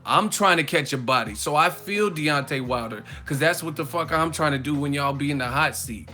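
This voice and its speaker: A man hosting a live boxing chat, animated and profane, often breaking into laughter. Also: fairly high pitch, normal speed, faint music behind. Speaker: boxing channel host. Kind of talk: live casual commentary.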